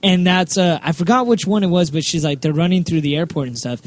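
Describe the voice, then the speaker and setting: A man co-hosting a podcast in casual banter, excitable and teasing, laughing often. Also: a little high, fast. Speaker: podcast co-host.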